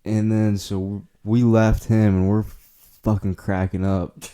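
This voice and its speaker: A man's voice: on the low side, little pitch movement, takes it slowly, warm tone, clean tone. A young man hosting a podcast, chatting casually and telling a rambling, laughing story with plenty of swearing. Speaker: podcast host. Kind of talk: casual chat.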